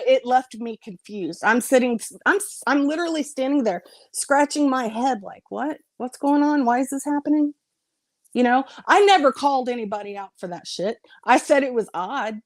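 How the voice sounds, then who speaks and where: A woman's voice: a little high, darkish tone, no room sound, studio quality. A woman YouTuber ranting to her viewers on her vlog, blunt and confrontational, swearing freely. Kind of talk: heated vlog rant to viewers.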